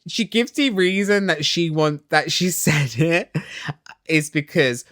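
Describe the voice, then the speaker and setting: A man's voice: fairly high pitch, animated, takes it slowly, fairly bright tone, dry recording, studio quality. A young man with a catty, sarcastic and chatty manner, recapping a reality show. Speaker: recap vlogger. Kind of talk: casual TV recap.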